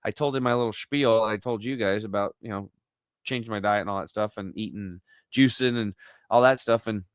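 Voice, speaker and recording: A man's voice: fairly low pitch, brisk, clear, resonant tone, no echo. A man talking as a podcast guest, telling his story and acting out quoted dialogue with animation. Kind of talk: conversational storytelling.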